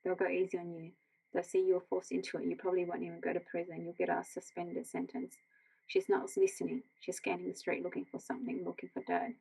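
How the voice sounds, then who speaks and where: An Australian woman reading a novel aloud as a bedtime story, in a quiet, gentle voice that slips into whispers. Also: fairly low pitch, steady tone, fast, creaky, husky, rough recording. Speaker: audiobook reader.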